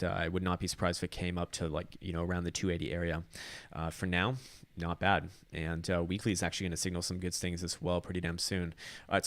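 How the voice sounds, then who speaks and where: A man's voice: deep voice, dry recording. A man giving casual market chart commentary, rambling and profane, with many fillers and restarts. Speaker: crypto chart analyst.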